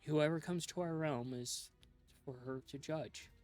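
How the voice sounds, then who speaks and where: A man voicing a solemn young woman druid in a tabletop game, speaking quietly and earnestly. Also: fairly high pitch, unhurried, faint music behind, pitched above the performer's own voice, lightly acted.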